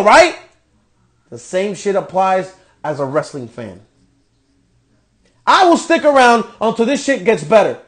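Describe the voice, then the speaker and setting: A man hosting a podcast, delivering a profane, exasperated rant reviewing a wrestling show. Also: extremely high pitch. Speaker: podcast host.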